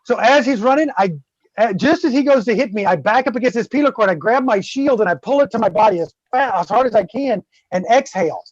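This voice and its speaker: A man's voice: very high voice, dry recording. A middle-aged man telling a rowdy story on a podcast, cursing freely and acting out quotes and crash sounds. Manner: animated and profane, acts out quotes and sound effects. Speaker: guest host. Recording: dull, dry, lo-fi sound.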